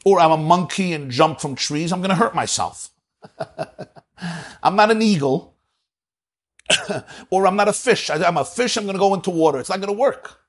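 Animated, husky-voiced man giving a Torah lecture. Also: high-pitched, moderate pace, long pauses. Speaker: rabbi.

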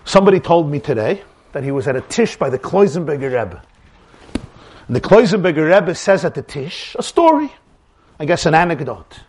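A man's voice: a little high, very animated, brisk, darkish tone, slightly rough. A man giving a dramatic religious lecture, acting out dialogues with rising emphasis. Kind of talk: animated Torah lecture with acted dialogue.

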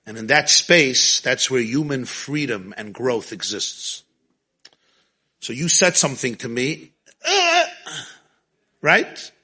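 A man teaching a Torah class, telling stories in a lively way and mixing in Hebrew and Yiddish terms. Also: mid-range voice, slow, long pauses, husky.

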